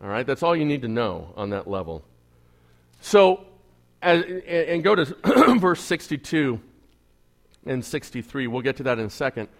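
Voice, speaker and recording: A man preaching as an evangelical pastor, telling a story conversationally to his congregation and swinging between quiet asides and emphatic bursts. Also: mid-range voice, very animated, normal speed, long pauses. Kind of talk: storytelling sermon.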